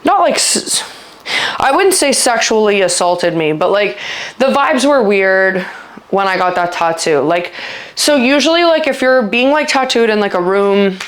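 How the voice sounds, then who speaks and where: A woman vlogger telling a personal story in casual chat, rambling with lots of filler words and sometimes halting and trailing off. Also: medium pitch, big pitch swings. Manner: halting, trailing off when upset.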